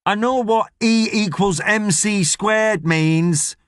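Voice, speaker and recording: A man voicing an excitable, cranky young schoolboy who blurts out questions. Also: sits high, normal speed, no echo, clean studio sound, voice pushed up. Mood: excited.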